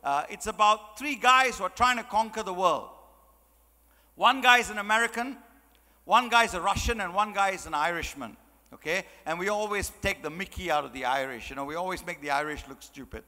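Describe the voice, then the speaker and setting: A man's voice: sits high, expressive, brisk, pushed and bright, long reverb tail. A man giving a chatty, joking motivational talk, full of "you know"s. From Malaysia. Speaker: motivational speaker. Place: large hall.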